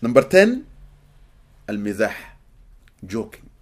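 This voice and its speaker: A man from Sudan, giving an animated, expressive religious lecture to a live audience in a hall and often laughing. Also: lowish voice, slow pace. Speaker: Islamic teacher.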